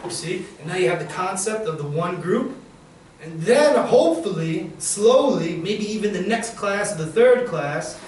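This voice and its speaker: A man runs a live teacher-training session, energetic and demonstrative. His voice sits high for a man. He is picked up from across a very echoey classroom, with faint noise behind him. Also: moderate pace. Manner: energetic, demonstrative, acts out examples. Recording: very echoey room, far mic, faint noise.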